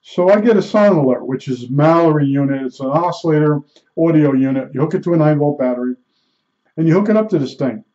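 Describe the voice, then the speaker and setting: A rambling, folksy man chats through a loose monologue, full of fillers and restarts. His voice sits a bit high yet sounds mellow and dark. The recording is muffled and lo-fi. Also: expressive, fast talker. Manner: imitates beeps with his mouth. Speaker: storyteller. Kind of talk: casual monologue. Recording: dull lo-fi recording.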